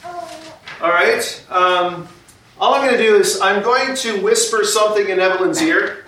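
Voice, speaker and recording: A man's voice: sits high, lively intonation, a little slow, sharp tone, recorded from a distance, a little hiss or hum. A man preaching a sermon as pastor, casual and self-deprecating, with lots of fillers. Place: church sanctuary. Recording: very echoey church room from afar.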